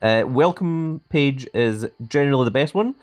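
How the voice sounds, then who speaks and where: A Scottish man hosting a live stream, his pitch swinging up and down as he talks. He speaks with a grand manner and sounds out every word with care. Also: expressive, normal speed, a little mellow. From Scotland. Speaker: mobile game live streamer. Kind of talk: live stream chat reading.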